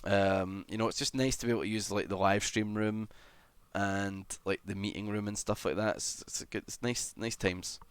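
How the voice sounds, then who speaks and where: A young adult man chats casually on a live stream, rambling and self-deprecating. He swears freely and hums to himself between thoughts. His voice sits on the low side, recorded dry and close to the mic. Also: steady tone, normal speed, clean tone, no echo. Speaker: livestreamer.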